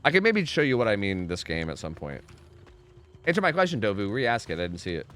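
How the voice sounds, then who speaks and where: With a lowish, very animated voice that's brisk and fairly bright, a man gives casual live commentary on a game. He's easygoing, swears frequently and chats with his viewers.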